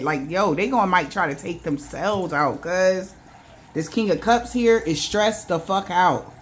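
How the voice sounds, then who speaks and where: A woman's voice: mid-range voice, normal speed, fairly bright tone, slight background noise. A woman giving a loose, casual tarot reading, swearing freely and acting out the voices of the people she describes. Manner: loose, profane, acts out quoted voices. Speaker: tarot reader.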